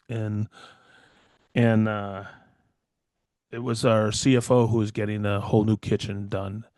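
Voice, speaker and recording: A middle-aged man with a fairly low voice co-hosts a casual podcast, speaking at normal speed in a clean, echo-free studio recording. A woodworker and animated storyteller, he acts out the people in his stories with big jumps in his voice when quoting them.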